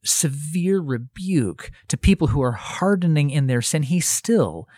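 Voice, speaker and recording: A man's voice: on the high side, expressive, unhurried, warm tone, dry recording, clean studio sound. A man giving a conversational Bible teaching, earnest and thinking aloud, often restarting his phrases. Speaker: Christian teacher.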